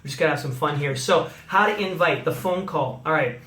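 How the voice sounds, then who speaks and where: A man's voice: a little high, a little fast, pushed and bright. A man teaching how to invite people by phone, coaching and acting out sample calls, recorded on a phone. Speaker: sales trainer. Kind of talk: instructional talk to camera. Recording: echoey room, phone mic.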